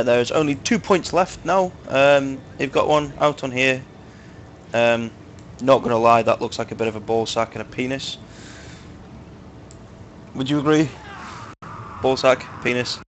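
A man's voice: medium pitch, a little hiss or hum. Chatty Mancunian man with crude humour. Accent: Manchester English. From England, Manchester. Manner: chatty, crude joking, lots of fillers. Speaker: gaming video host. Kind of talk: casual gameplay commentary with friends.

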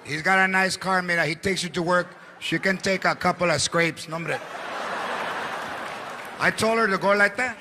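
A man in his forties doing a stand-up comedy routine on a theater stage, loudly shouting punchlines and acting out characters. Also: sits high, fairly even intonation, moderate pace, pauses often. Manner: loud, shouting punchlines, acts out drunk characters. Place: large theater stage before a live audience. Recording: live theater recording with crowd noise.

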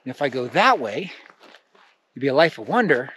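A man voicing an eager male traveler in a told story, wide-eyed and excitable, his voice jumping up high. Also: moderate pace, husky. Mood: hopeful.

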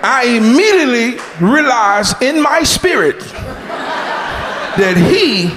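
A man doing a stand-up comedy set on a club stage, loud and animated, shouting punchlines, making sound effects and calling out audience members and crew. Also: very high-pitched, slow. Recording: roomy club echo with crowd noise. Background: audience laughter.

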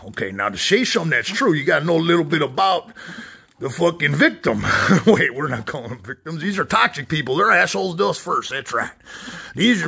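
A man's voice: on the high side, gravelly, bright, forceful tone, breathy edge, exaggerated voice. A man voicing a foul-mouthed, cocky male ventriloquist dummy in a comedy puppet sketch, brash and boastful.

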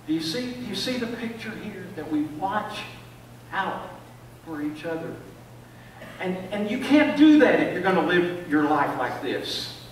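Older preacher, high voice, echoey church. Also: male voice, very animated, measured pace, far from the mic, slight background noise. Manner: storytelling, repeats words when building up. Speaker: pastor. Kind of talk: sermon. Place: church sanctuary.

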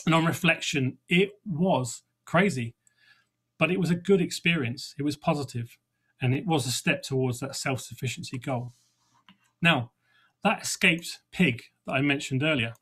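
A man's voice: fairly high pitch, moderate pace, a bit bright, husky. An Englishman, middle-aged, telling of his homestead life in a conversational way, with dry humour and small restarts. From England. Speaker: podcast host. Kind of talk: reflective first-person talk.

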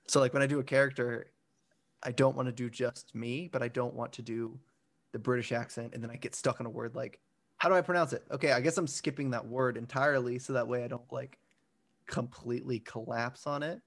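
A man's voice: medium pitch, flat delivery, brisk. A young man co-hosting a casual podcast chat, rambling through self-deprecating stories with restarts. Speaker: podcast co-host.

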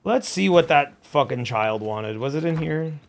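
A man's voice: fairly high pitch, lively intonation, moderate pace, gravelly. A young man hosting a let's-play, chatting casually in a joking, bemused way with some swearing. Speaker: host playing a video game.

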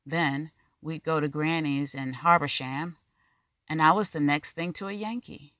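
A story reader voicing an anxious, rambling Black man who talks fast and confesses his doubts in a raised, pleading voice. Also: medium pitch, pushed and bright, no room sound. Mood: confessing. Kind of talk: audiobook dialogue reading.

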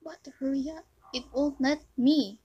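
A woman casually commentating her own gameplay, excitable, with loud yelps and muttered whispers. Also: high-pitched, unhurried, highs cut off. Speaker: gamer commentating her play.

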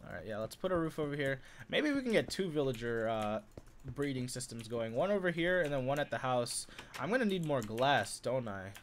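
A man's voice: mid-range voice, very animated, fairly quick. A young man giving casual, rambling commentary while playing Minecraft, getting easily frustrated and yelping at mishaps. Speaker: gaming YouTuber. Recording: faint background noise and keyboard clicks.

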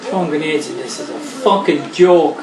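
A man's voice: a little high, moderate pace, a crowd in the background. A man commentating his gameplay, frustrated and swearing heavily at enemies. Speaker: let's play gamer. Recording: roomy, distant mic with background noise.

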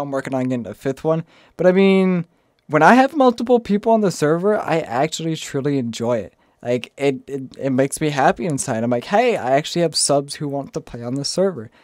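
A young streamer with a slight southern accent rambles casually through a gaming vlog, often cutting himself off mid-sentence and now and then letting out shrill, panicked yelps. His tone is darkish, and the clean studio recording has no room sound.

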